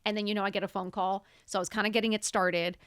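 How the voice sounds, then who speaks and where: A woman's voice: medium pitch, little pitch movement, fast, fairly bright tone, clear, resonant tone. Blunt, foul-mouthed middle-aged woman. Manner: blunt, swears freely, bursts into laughter. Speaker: podcast guest. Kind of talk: candid conversational storytelling.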